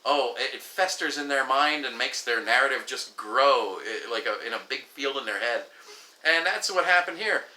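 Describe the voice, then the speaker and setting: A man's voice: medium pitch, moderate pace, pushed and bright. A man vlogging an exasperated, profane rant, acting out the exchanges he quotes. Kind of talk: ranting storytelling to camera. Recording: echoey room.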